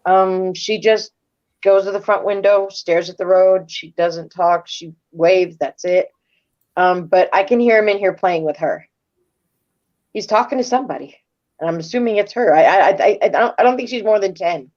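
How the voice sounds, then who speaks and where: A woman's voice: medium pitch, moderate pace, a little mellow, muffled recording. A middle-aged woman telling stories casually as an interview guest, rambling and repeating words as she retells events. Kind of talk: casual storytelling.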